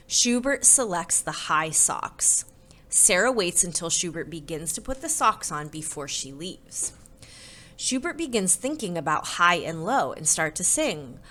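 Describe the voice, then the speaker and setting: A woman reading a children's storybook aloud and then giving parenting tips, expressive and conversational. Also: lowish voice, measured pace. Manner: expressive, conversational, says "right?". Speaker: storybook reader and parenting presenter.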